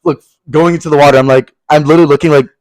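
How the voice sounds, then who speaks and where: A young man races through a gossipy, profane story, acting out the people he quotes. His voice sits a bit high. The sound is dry and close. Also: steady tone, rapid-fire, darkish tone, no echo, low-quality recording. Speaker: podcast co-host. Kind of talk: casual storytelling chat. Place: podcast studio.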